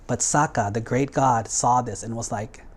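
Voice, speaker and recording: A man's voice: mid-range voice, normal speed. A male Buddhist monk telling a story in a sermon, in a casual, conversational way with acted-out quotes.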